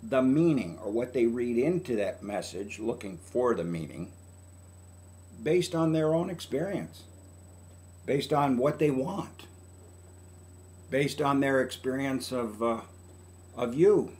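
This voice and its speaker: A man's voice: medium pitch, lively intonation, takes it slowly, long pauses, darkish tone. An older man, a family counselor, talking through parenting advice in a folksy, conversational way. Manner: folksy, conversational, acts out quoted lines. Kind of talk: casual advice talk.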